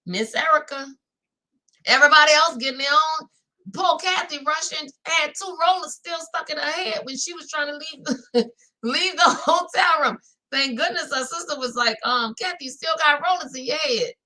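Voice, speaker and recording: A woman with a New Orleans accent hosts a chatty live recap with a bright, forceful voice that sits a little high. She is animated and talks straight to her viewers, reading out their chat comments as she goes. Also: poor audio. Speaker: reality-show recap host.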